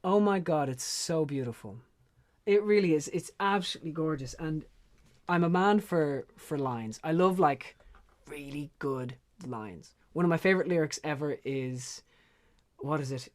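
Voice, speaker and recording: An Irish man, a songwriter guest, casually and effusively introducing his song with animated storytelling. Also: fairly high pitch, normal speed. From Ireland.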